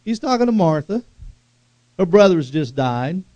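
A man preaching a sermon with fervent, animated delivery and sudden loud bursts. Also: high voice, a little slow, no echo, highs cut off.

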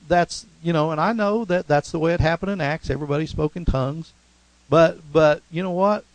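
A man's voice: on the high side, a little mellow, no echo, low-quality recording. A man preaching a sermon in a chatty, storytelling way, with frequent "amen" and "you know" and a touch of humor. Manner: humorous asides. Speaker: pastor.

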